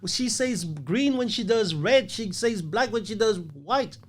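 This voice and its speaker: A man's voice: high voice, animated, a little slow. A man hosting a casual podcast chat, talking emphatically and philosophically and swearing casually. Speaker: podcast host.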